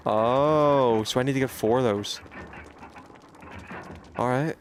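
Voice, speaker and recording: A British man giving casual gameplay commentary on a livestream, chatty and swearing freely with sudden excited outbursts. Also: mid-range voice, slow pace, slight background noise.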